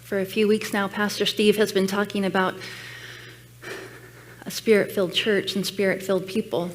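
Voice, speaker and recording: A woman's voice: mid-range voice, flat delivery, normal speed. A woman giving a personal sermon message at a church, telling her story in an earnest, reflective way. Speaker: guest speaker at church. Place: church sanctuary.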